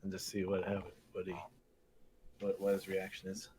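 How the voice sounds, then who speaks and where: A man playing a tabletop game, hesitant and halting, with keyboard clicks faint behind. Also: low voice, monotone, darkish tone, a little hiss or hum. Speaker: player. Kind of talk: casual tabletop play.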